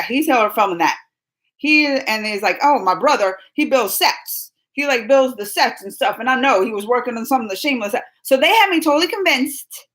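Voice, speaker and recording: Young woman host, slightly high voice, animated storyteller who acts out quotes in a live chat. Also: low-quality recording. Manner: animated, breathless retelling with quoted dialogue and squeals. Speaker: livestream host.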